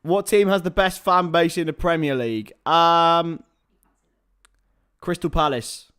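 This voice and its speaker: A man hosting a live football watchalong, mixing match commentary with casual chat to his viewers. He swears, calls them lads and bursts into loud excited calls. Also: on the high side, measured pace, clear, resonant tone.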